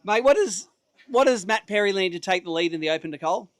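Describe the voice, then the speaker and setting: A man's voice: high-pitched, expressive, fast talker, a bit bright, dry recording. An Australian man emceeing a fishing tournament weigh-in outdoors, chatty and upbeat with the anglers. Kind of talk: live tournament emcee banter. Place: outdoor waterside stage.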